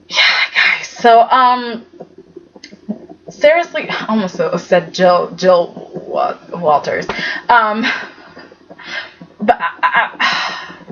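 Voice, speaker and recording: A woman's voice: fairly high pitch, slow pace, pauses often, a bit bright, dull audio. A woman recapping a soap opera episode in a casual vlog, chatty and exasperated, acting out the characters' lines.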